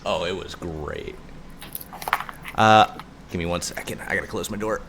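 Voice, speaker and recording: A man's voice: sits low, unhurried, background noise. A man as game master, chatting casually and laughing easily while running a tabletop session from home. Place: home room.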